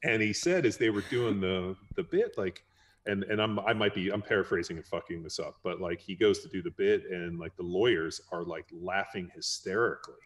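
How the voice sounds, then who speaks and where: A man with a very low voice, hosting a relaxed podcast chat. He rambles, restarts his sentences and pads his thoughts with fillers as he thinks aloud. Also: fairly quick. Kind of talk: casual chat.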